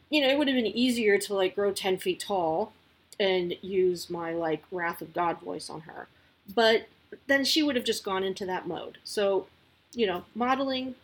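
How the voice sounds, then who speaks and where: Casting: breathy woman in her thirties, casual podcast host, rambling and friendly. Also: mid-range voice. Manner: chatty, lots of likes and you-knows. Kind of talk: casual advice talk.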